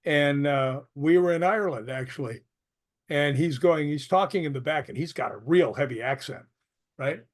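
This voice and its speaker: A chatty man, a guest on an interview show, spinning anecdotes in a loose, conversational way. His voice sits a little above the usual pitch for a man, and he breaks into laughter often. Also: normal speed. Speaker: paranormal investigator guest. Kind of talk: casual interview storytelling.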